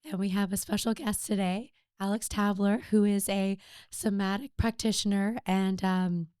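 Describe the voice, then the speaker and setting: A woman's voice: medium pitch, steady tone, moderate pace, dark tone, smooth, no echo, studio quality. A woman co-hosting a podcast, chatting casually and asking loose, friendly questions with easy laughter. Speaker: podcast co-host. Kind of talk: casual interview chat.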